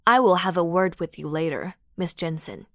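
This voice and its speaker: A woman's voice: on the low side, normal speed, no room sound, clean studio sound, voice pushed down, natural voice. A woman voicing a smug, teasing young male French teacher in an audiobook, speaking in a taunting manner. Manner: smirking, taunting. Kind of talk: audiobook character voice.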